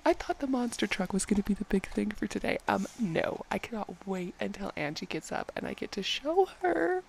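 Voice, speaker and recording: A woman giving excited gameplay commentary at home at night, repeating phrases and often dropping to a hushed whisper so she won't wake others. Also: mid-range voice, moderate pace, creaky, a little hiss or hum. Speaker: game vlogger.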